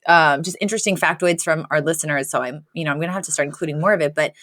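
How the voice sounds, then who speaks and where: A woman's voice: deep voice, rapid-fire, fairly bright tone, dry recording, studio quality. A middle-aged woman co-hosting a podcast in casual chat, chatty and laughing often. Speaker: podcast co-host.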